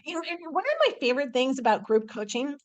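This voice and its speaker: A woman's voice: sits high, very animated, quick pace, highs cut off. Woman coach rambling with restarts. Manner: rambling, with many restarts and fillers. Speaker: intuitive life coach. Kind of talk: casual live video promotion.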